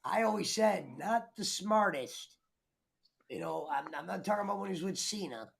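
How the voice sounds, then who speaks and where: A man with a noticeably high voice hosts a casual live stream. He reads chat messages aloud and laughs along with his co-hosts as they talk. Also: moderate pace, vocal fry, a little hiss or hum. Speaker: streamer host.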